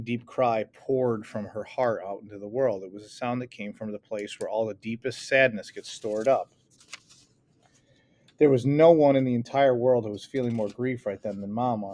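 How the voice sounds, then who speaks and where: A man's voice: medium pitch, darkish tone. A man reading a first-person novel aloud in an earnest storytelling way, now and then stumbling and correcting himself. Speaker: audiobook reader.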